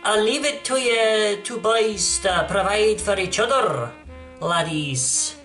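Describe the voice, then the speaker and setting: A man's voice: high-pitched, animated, takes it slowly, a bit bright, distant mic, faint music behind, heavily acted. A man putting on a clumsy Irish accent to voice a short-tempered barwoman from a comic. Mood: scornful. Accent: put-on Irish, wobbly. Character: tough female Irish barmaid, short-tempered.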